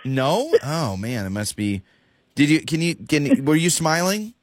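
A man's voice: a little high, very animated, measured pace, no room sound. A man who is a radio host, posing as a dental office caller in a prank phone call, stammering, dodging questions and repeating himself.

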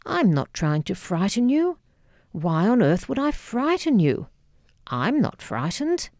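A woman's voice: medium pitch, very animated, slow pace, a little mellow, no echo, clean studio sound, voice pushed up. A woman voicing an ailing elderly father with a Polish-Scottish accent, curt and dismissive of worry. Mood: indignant. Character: ailing elderly immigrant father, evasive, deflecting.

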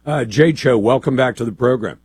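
A man hosting a talk radio show, with a gravelly, hoarse voice and a pointed, conversational way of questioning. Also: medium pitch, fairly quick, a little mellow, no echo.

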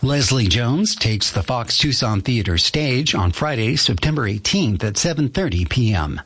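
Calm male radio host, husky low voice, dry close sound. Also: normal speed, dry recording. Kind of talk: radio interview and announcements.

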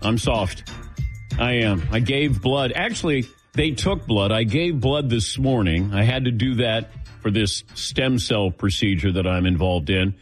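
A man's voice: on the low side, unhurried, soft background music. Self-mocking male talk show host. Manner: self-mocking storyteller, acts out quotes. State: lightheaded after giving blood. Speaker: sports radio host. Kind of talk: casual talk show chat.

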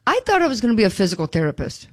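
A middle-aged woman with a Southern US drawl, co-hosting a radio talk show in a chatty, laughing manner. She sits at a middle pitch, and her voice is close and dry, with no room sound. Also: wildly swooping pitch, racing, no echo. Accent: Southern US (Alabama). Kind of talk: casual radio chat.

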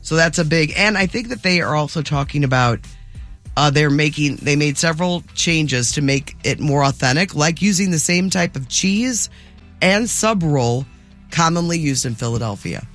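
A man's voice: on the high side, lively intonation, moderate pace, a bit bright, soft background music. A man hosting a casual talk show, chatting and reading news items aloud. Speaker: radio show host. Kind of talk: casual chat.

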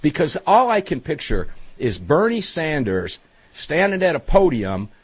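Husky male talk radio host. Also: fairly high pitch, very animated, dry recording. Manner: brisk, joking, plugs upcoming shows.

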